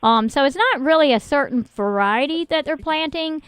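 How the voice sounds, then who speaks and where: A woman's voice: high-pitched, animated, normal speed, fairly bright tone, dry recording. A woman hosting a call-in garden radio show, chatty and full of ums. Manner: chatty, many ums and uhs. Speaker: radio garden show host and nursery owner. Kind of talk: casual call-in radio chat. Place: radio studio.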